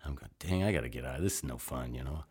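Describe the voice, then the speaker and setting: Very deep-voiced rambling older man. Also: fast, breathy edge. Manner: rambling, animated storyteller, salty language. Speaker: interview guest. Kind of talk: casual storytelling.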